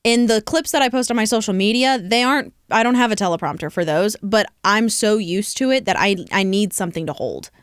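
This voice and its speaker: Young female news anchor, smooth resonant voice, dry studio sound, chatty and laughing. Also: medium pitch, fairly quick, few pauses, dry recording. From American Midwest. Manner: chatty, laughs often, many likes and ums. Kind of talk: casual interview chat.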